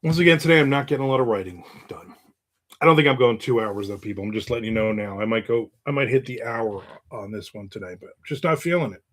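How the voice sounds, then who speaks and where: A man chatting on a livestream, drifting between viewer comments and small asides. His talk is joking and self-mocking, at a middling pitch for a man. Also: fast talker. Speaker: livestream host. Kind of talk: casual live chat, reading viewer comments.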